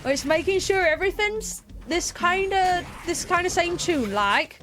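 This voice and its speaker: A woman's voice: very high-pitched, lively intonation, fairly bright tone, faint music behind. A young woman, chatting casually and rambling a little as a streamer and game master. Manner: chatty, rambling, quick laughs. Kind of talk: casual chat to a live chat.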